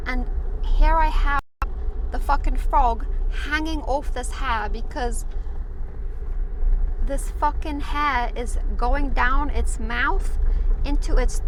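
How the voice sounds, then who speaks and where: A woman streaming from a car, telling a long story in a casual, animated way, repeating "I'm like" and swearing freely. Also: high-pitched. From South Africa. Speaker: IRL streamer. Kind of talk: casual storytelling while driving. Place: car on safari drive. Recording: noisy car background. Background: car engine and road noise.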